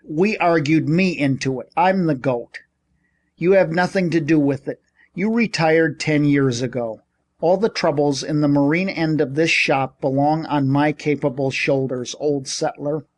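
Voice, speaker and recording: A man's voice: a little high, unhurried, natural voice. A man voicing a jeering, sarcastic middle-aged sea captain in an audiobook.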